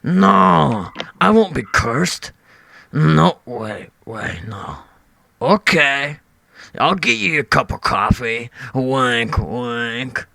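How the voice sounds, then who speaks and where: A man voicing an oddball middle-aged dad confessing his lies, breaking into squeaky "what, what?" yelps. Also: lively intonation, extremely slow, gravelly, bright, forceful tone, no room sound, exaggerated voice. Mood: sly. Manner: squeaky "what, what?" outbursts, shifty.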